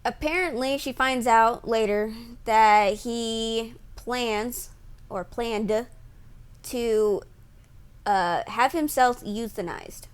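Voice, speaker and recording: A woman's voice: on the high side, very slow, smooth. A woman ranting in a movie review vlog, rambling with many fillers and restarts and growing exasperated. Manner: grows heated and exasperated, laughs at her own slips. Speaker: vlogger reviewing a film.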